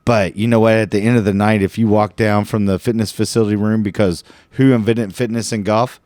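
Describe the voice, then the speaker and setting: A man from Kentucky hosting a casual golf podcast, telling stories in an animated, slangy way with loud laughs. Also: lowish voice, brisk, no echo. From Louisville, Kentucky. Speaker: podcast host. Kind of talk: casual storytelling chat.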